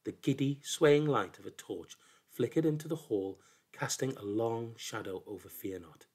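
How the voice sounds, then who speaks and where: Husky guy reading a folk tale out loud, super expressive, voice dips low and hushed then rises. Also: moderate pace. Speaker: storyteller. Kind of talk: dramatic storybook narration.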